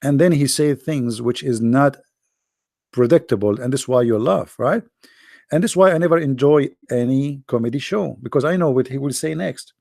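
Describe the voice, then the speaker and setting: A man's voice: mid-range voice, normal speed, vocal fry, darkish tone, no echo, studio quality. A man with joking and rambling in a teasing voice chat. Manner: teasing, rambling, non-native phrasing. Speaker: chat room speaker.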